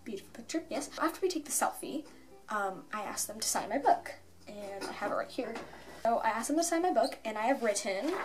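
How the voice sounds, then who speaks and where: A young woman telling a rambling, excited story for her vlog at home, full of "like" and asides. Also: a little high, brisk, over music. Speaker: fan vlogger.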